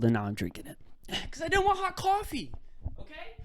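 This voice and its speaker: A man's voice: on the high side, wildly swooping pitch, brisk, darkish tone, dry recording. A young man hosting a podcast, telling a rambling, exasperated story in casual slang. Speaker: podcast host. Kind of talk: casual comedic rant.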